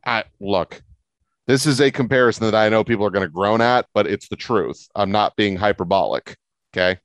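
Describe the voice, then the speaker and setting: A man's voice: a little fast, no echo. A man co-hosting a casual wrestling podcast, talking emphatically and arguing his opinions. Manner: emphatic, argumentative, lively pitch swings. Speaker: podcast co-host.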